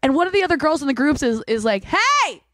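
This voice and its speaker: A young woman co-hosting a podcast, telling a story in a casual, animated way with lots of fillers. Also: high voice, racing, no room sound. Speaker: podcast co-host. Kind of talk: casual chat.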